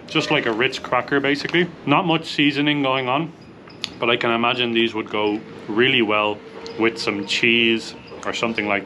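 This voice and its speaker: Bright-voiced Irish man tasting snacks. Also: medium pitch, slight background noise. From Ireland. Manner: upbeat, rates food out of ten. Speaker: vlog host. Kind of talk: casual snack taste-test vlog.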